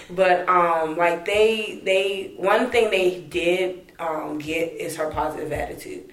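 A young woman telling family stories in a relaxed interview, laughing often and acting out what people said in a raised voice. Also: on the low side, slow, hardly any pauses. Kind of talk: casual storytelling. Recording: echoey room.

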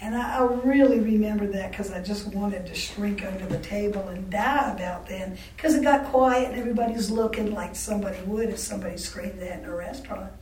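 A woman telling personal stories in an interview, candid and halting, with frequent restarts and wry laughs. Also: mid-range voice, darkish tone, a little hiss or hum. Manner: laughs wryly between remarks. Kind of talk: oral history storytelling. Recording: roomy sound from a distant mic.

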